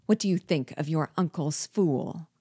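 A woman's voice: deep voice, moderate pace, dark tone, breathy edge, no echo, clean studio sound. A woman reading aloud as a vengeful, scheming male dwarf who was once a jester, speaking with bitter, gloating deliberation.

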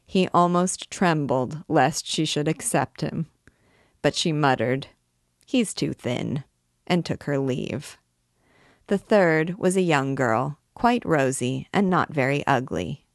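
A woman reading a classic novel aloud as a book guide, telling the story in a measured, expressive way. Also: low-pitched, no room sound, studio quality.

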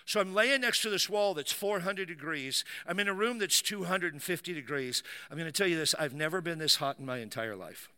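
A man's voice: fairly high pitch, expressive, fairly quick, few pauses, sharp tone, smooth, big-room sound. A man preaching, telling a personal story vividly and acting out the dialogue. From United States.

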